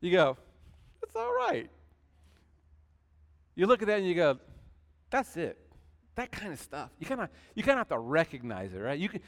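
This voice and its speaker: A man's voice: fairly high pitch, very animated, a little fast, in a large hall. A male pastor preaching a sermon in a conversational, folksy way with asides to the congregation.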